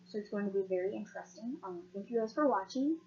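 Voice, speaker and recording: A teenage girl reading her own heartfelt story aloud, tearful and emotional, speaking earnestly with some halting pauses. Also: mid-range voice, animated, darkish tone, dull audio. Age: late teens. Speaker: vlogger.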